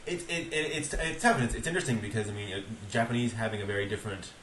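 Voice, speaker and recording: A man's voice: fairly low pitch, expressive, rapid-fire, a bit bright. A man co-hosting a casual podcast chat, talking in a rambling, hesitant way with frequent restarts. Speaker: podcast co-host. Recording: roomy echo with faint hiss.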